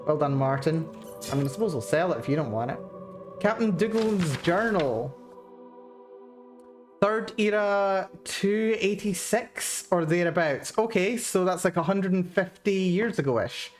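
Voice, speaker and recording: A woman streamer giving chatty, amused commentary while playing a game. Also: on the low side.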